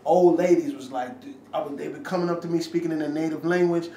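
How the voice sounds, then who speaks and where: A man's voice: on the high side, fast talker. Swearing storyteller man in an echoey room. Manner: animated storytelling with slang and swearing, acting out quotes. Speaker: rapper telling a story after an interview. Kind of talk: casual storytelling. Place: room, filmed by handheld camera. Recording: echoey room, from a distance, faint ambient noise.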